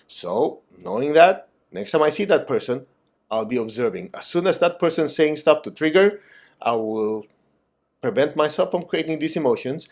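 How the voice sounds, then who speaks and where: A man giving a spiritual talk and guided meditation, direct and animated, asking his listeners teasing questions. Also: a little high, normal speed. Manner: animated, acts out quoted voices. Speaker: meditation teacher.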